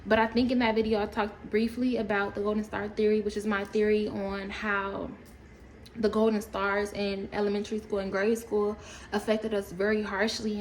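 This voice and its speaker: A woman ranting casually to camera, animated and profane, rambling with laughs along the way. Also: mid-range voice, slight background noise, low-quality recording. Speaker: storytime creator.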